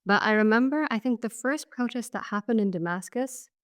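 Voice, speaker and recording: Smooth-voiced woman recalling her story. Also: a little high, brisk. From Syria. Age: 30s. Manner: reflective, casual, many fillers. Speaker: guest. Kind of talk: personal testimony in conversation.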